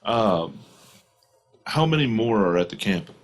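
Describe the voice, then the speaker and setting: A man playing a tabletop game, speaking in character in a measured, diplomatic way. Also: lowish voice, lively intonation. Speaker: player.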